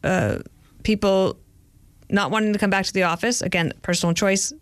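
A middle-aged woman hosts a relaxed podcast chat, teasing and full of questions. Her voice sits at an ordinary middle pitch. The sound is close and dry, with no room around it. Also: moderate pace, dry recording. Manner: chatty, teasing, asks questions. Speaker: podcast host. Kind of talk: casual chat.

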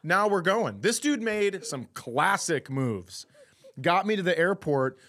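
A man co-hosting a podcast who tells his stories with loose, profane energy. His voice sits a touch higher than most men's. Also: takes it slowly. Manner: profane, animated storytelling. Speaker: podcast co-host. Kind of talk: casual chat.

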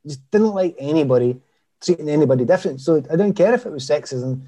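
A middle-aged man with a Glaswegian accent and a husky, mellow voice. He chats casually on a podcast, spinning lively stories about his career and laughing at his own jokes. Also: a little high, fast. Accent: Glaswegian Scottish. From Scotland. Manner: lively anecdotal storyteller who laughs at himself. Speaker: guest, former footballer.

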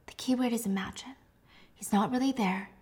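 A woman's voice: a little high, brisk, close to an everyday voice. A woman doing a soothing psychiatrist. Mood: reassuring. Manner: soft, soothing, reassuring. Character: calm, insistent woman psychiatrist.

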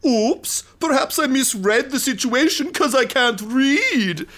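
A man voicing a dim-witted brutish axe villain with a loud, high, goofy bellow. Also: expressive, slow, full character voice.

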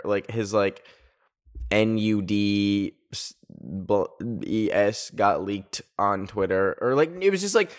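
A young man hosting a solo podcast, with a whiny, nasal voice, rambling through a story full of fillers and swearing. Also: fairly low pitch. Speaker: podcast host.

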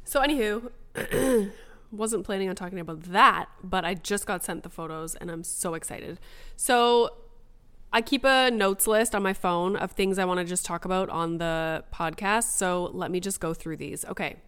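A woman's voice: lowish voice, moderate pace, clear, resonant tone. A woman in her thirties hosting a solo podcast, chatting casually and acting out quoted dialogue with lots of "like.". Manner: chatty and animated, acts out quoted dialogue with frequent "like". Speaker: podcast host.

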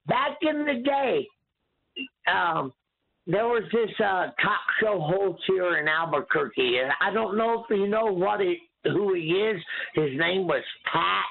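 High, gravelly Oklahoma man on phone. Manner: rambling, folksy storytelling. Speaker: caller. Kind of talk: call-in chat. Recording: tinny phone line.

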